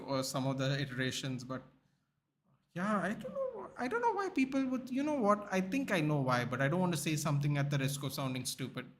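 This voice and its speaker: A man's voice: a little high, a little hiss or hum. Chatty Indian-accented man saying dude. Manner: loose and chatty, says dude a lot, excitable reactions. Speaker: livestream host. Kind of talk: casual watchalong chat, reading viewer comments.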